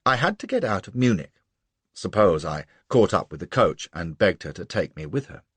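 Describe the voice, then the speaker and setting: Husky, lively male audiobook narrator. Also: deep voice, normal speed, no room sound. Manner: brash, boastful and lively. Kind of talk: first-person novel narration.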